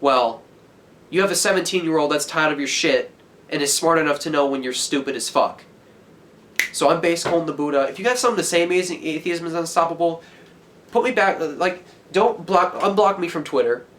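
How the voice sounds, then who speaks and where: A teenage boy in a heated, profane rant, yelling at the camera as a vlogger. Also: on the high side. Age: teens.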